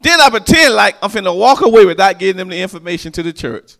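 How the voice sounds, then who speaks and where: A man's voice: high-pitched, fast talker, creaky. A man preaching a sermon, telling stories and checking in with the congregation in a call-and-response manner. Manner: animated, call-and-response, storytelling.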